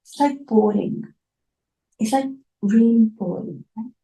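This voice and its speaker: A woman giving a reflective spiritual talk, emotional and tearful, her voice soft and at times dropping to near whispers. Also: a little high, slow, vocal fry, echoey room, poor audio. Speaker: spiritual art therapy host.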